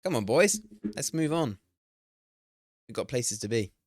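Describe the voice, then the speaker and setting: A young man streaming a game, talking excitedly, swearing and laughing at himself. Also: mid-range voice, measured pace, dry recording, clean studio sound. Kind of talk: live-stream gameplay commentary.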